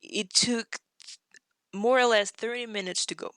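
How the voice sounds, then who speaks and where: A woman, a podcast guest, tells a story in a casual chat and acts out the quotes with sudden leaps in pitch. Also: steady tone, measured pace, a bit bright, no room sound, clean studio sound.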